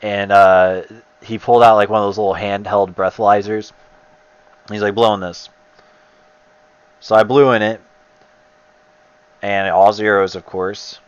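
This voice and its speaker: A man's voice: fairly low pitch, level tone, unhurried, long pauses, clean tone, no echo, lo-fi sound. A man casually telling a long story while gaming, rambling and swearing heavily, and getting heated. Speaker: gamer streamer.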